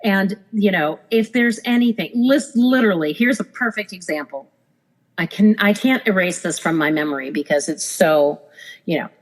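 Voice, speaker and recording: Woman guest on a podcast, animated storyteller, middle pitch, does little voices for people. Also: normal speed, poor audio. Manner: animated, acts out quoted people. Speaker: podcast guest, former cruise director. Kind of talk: casual storytelling.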